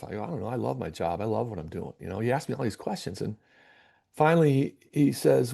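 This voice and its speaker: A middle-aged man with a gravelly, mellow voice spins a story for a podcast interview. He acts out both sides of old conversations, stumbling and repeating words as he goes. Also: medium pitch, lively intonation, a little fast. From Michigan. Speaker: basketball coach, guest.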